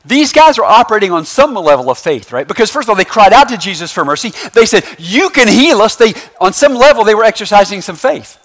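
Lively high-voiced pastor preaching. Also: male voice, fast talker, hardly any pauses. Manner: lively, conversational preaching with constant "right?" asides; casual slangy phrasing. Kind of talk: sermon. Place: church sanctuary with congregation.

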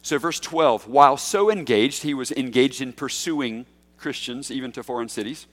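Emphatic preacher in a reverberant hall. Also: male voice, medium pitch, moderate pace. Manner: emphatic, rises to loud peaks when quoting scripture. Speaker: pastor. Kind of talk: expository sermon.

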